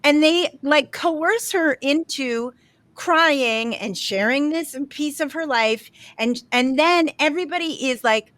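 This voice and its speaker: A woman co-hosting a podcast, telling a story in a lively, casual way and quoting other people as she goes. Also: high-pitched, slow, dry recording. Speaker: podcast co-host. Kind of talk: casual chat.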